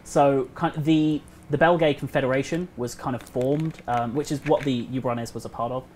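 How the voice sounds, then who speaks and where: A man telling a history story casually on a game developer livestream, animated and acting out the quotes. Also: mid-range voice, normal speed, a little hiss or hum. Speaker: community host.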